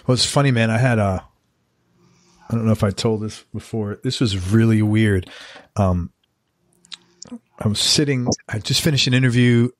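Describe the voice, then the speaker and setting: A man's voice: fairly low pitch, moderate pace, pauses often, no room sound, studio quality. A man hosting an interview, telling a chatty anecdote and laughing easily. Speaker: interview host. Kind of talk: casual interview chat.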